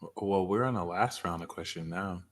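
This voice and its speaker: A woman's voice: rumbling low, a little fast, slight background noise. A woman hosting a casual podcast, giving short wry reactions. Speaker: podcast host. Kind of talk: casual chat.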